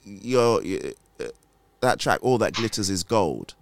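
A man's voice: fairly low pitch, big pitch swings, measured pace, vocal fry, no echo. A man hosting a casual faith chat, rambling with many restarts and easy laughter. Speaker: host.

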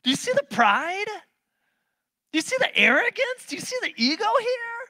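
A preacher giving a sermon, animated and emphatic, firing off rhetorical questions and swinging between loud bursts and low, quiet passages. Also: moderate pace, no room sound.

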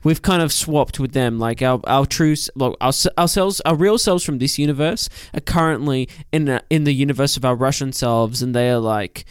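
Laid-back swearing young podcast host. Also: male voice, mid-range voice, normal speed, few pauses, clean tone, no echo. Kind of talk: casual podcast banter.

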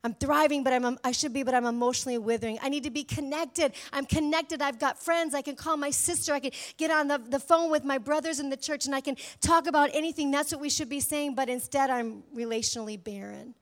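Fervent high-voiced woman preacher. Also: fairly even intonation, quick pace, few pauses. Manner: fervent, emphatic preaching with swings from loud to hushed. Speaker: pastor. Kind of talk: sermon. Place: church.

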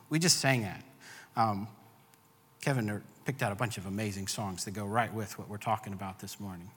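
Bright-voiced man preaching in a hall. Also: mid-range voice, normal speed, husky. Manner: earnest, builds emphasis with repeated phrases. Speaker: pastor. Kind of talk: sermon.

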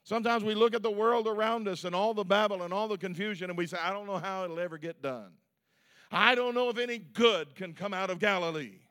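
A man preaching a sermon as pastor, swinging between loud, shouted peaks and quiet, low asides. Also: fairly quick.

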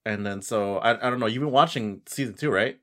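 A man's voice: lowish voice, fairly quick, fairly bright tone. A young man with the hiccups in casual chat about anime, easygoing and hesitant with many fillers.

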